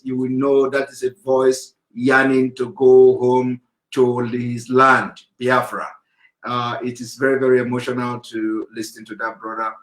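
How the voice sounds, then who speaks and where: A man hosting an online talk program with call-ins, speaking in a firm, measured way. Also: medium pitch, roomy sound, low-quality recording. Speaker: host.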